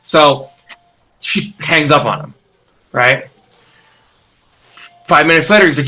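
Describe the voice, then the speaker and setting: With a slightly high voice, a measured pace and long pauses, a man in his forties shares road stories as a musician guest in a relaxed interview. He tells them with animation, performing the quoted lines.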